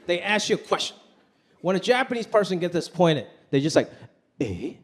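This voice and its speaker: A man doing stand-up, animated and laughing through his lines, with loud impressions. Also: high voice, fast. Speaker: stand-up comedian. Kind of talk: stand-up set.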